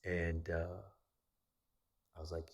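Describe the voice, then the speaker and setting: A man's voice: low-pitched, slow pace. A young man casually telling a long story, swearing often and acting out what others said. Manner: profane, animated retelling of a story.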